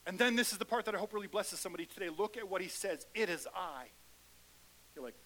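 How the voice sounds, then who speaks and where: A man preaching a sermon in a church, swinging between hushed lines and loud, fervent calls. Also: high voice, fast, low-quality recording.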